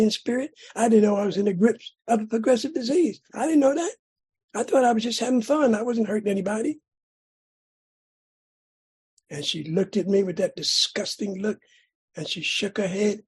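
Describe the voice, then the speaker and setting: A man in middle age from California tells his recovery story to a meeting. His voice is strongly raspy, and he builds drama by repeating phrases again and again. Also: sits high, a little mellow. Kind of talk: personal recovery story share.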